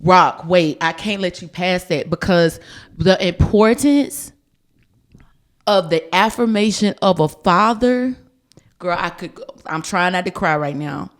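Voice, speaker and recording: Woman, podcast host, casual chat, expressive, fairly low voice. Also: unhurried.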